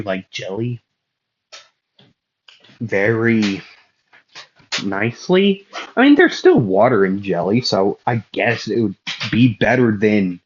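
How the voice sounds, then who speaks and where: A man's voice: mid-range voice, muffled recording, slight background noise. A young man casually narrating a fan story, rambling with fillers and self-deprecating asides.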